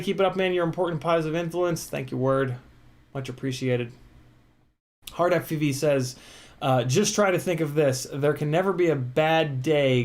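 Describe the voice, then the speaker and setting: A man hosting a casual live stream, reading viewer comments and answering them in an earnest, encouraging way with many fillers. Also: medium pitch.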